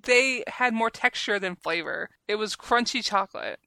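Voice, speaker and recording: A woman's voice: mid-range voice, animated, normal speed, vocal fry, background noise. A woman with a Southern US accent, co-hosting a casual podcast chat, chatty and self-deprecating. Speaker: podcast co-host.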